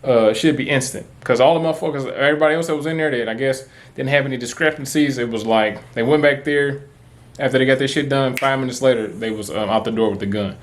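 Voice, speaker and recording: A man's voice: mid-range voice, fast. A man, talking to camera in a casual, rambling, profane way, full of fillers. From Texas. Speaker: vlogger. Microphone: camera mic, talking to camera.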